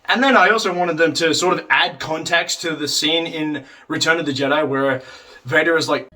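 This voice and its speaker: Rambling bright-voiced male reviewer. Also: on the high side, moderate pace, distant mic. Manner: rambling, heavy use of "like", swears, acts out quotes. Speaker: video reviewer. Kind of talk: casual spoken review.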